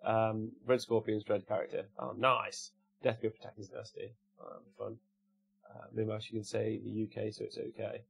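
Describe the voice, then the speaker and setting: A man's voice: on the low side, level tone, normal speed, vocal fry, a bit bright, breathy edge. A man with an English Midlands accent, hosting a casual livestream, reading out viewers' chat messages and answering them with jokes. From Cannock, England.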